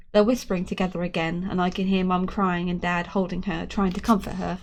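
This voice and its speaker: A woman reading a children's novel aloud as a storyteller, earnest and expressive in the first person. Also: lowish voice, fairly quick, hardly any pauses.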